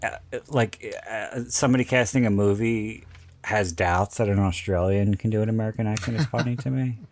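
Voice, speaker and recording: A man hosting a podcast, talking in a candid, rambling way and cursing casually as he goes. His voice sits on the low side. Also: brisk, darkish tone, dry recording. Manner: rambling, candid, swears freely. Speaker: podcast host. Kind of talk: casual chat.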